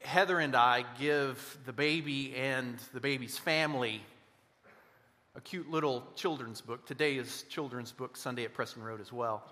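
A man preaching a sermon in a church, earnest and slowing down to stress key words. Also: mid-range voice, bright, forceful tone, in a large hall. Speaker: pastor. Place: church sanctuary.

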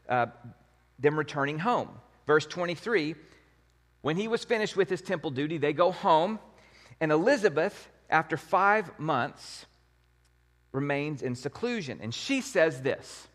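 A man's voice: fairly high pitch, expressive, a little slow, a bit bright, big-room sound. A man preaching a sermon as pastor, in a conversational, emphatic way with many rhetorical questions.

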